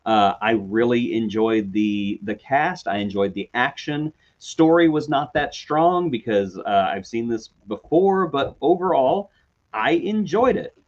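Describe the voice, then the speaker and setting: A man co-hosting a TV review podcast, talking casually in a chatty, animated way and often apologizing. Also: mid-range voice, measured pace, muffled recording. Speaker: podcast co-host.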